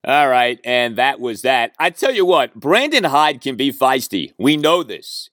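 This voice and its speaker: A man's voice: mid-range voice, measured pace, dry recording. Podcast host guy, bouncy voice all over the place, dry close sound, chatty and amused. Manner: animated, amused storytelling. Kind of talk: casual sports chat.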